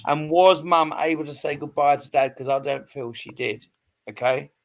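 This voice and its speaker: Brief: male medium, slightly high voice, hesitant, repeats himself, keeps checking in. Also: normal speed. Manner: hesitant, repetitive, reassuring, frequent "okay?" checks. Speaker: psychic medium. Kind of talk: live online reading.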